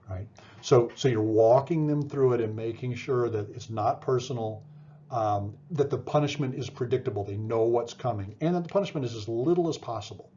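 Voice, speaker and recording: A man's voice: medium pitch, moderate pace, mellow, a little hiss or hum. A middle-aged man giving a casual psychology lecture, talking conversationally with fillers, restarts and frequent "right?" checks. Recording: dull lo-fi lecture recording.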